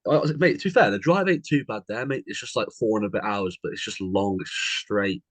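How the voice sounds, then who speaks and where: Young man, low voice, casual podcast chat, says mate a lot, dry close sound. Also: sing-song, fairly quick, a bit bright, no room sound. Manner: chatty, says mate constantly, tells anecdotes. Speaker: podcast co-host.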